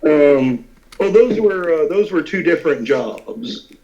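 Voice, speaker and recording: A man's voice: on the high side, expressive, takes it slowly, darkish tone. Rambling male game master, muffled audio. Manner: rambling, many fillers and restarts. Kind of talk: narrating a tabletop game.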